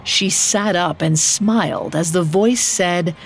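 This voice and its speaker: A woman storyteller reading a folk tale in a measured, hushed way. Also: lowish voice. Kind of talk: scripted narration. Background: faint music.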